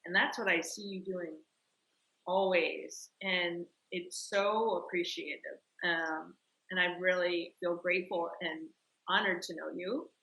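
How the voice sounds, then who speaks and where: A woman's voice: fairly low pitch, fairly even intonation, a little slow, rough recording. A woman hosting an interview, speaking earnestly and reflectively to her guest. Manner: earnest, warm-worded, reflective. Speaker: interview host. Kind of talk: conversational interview.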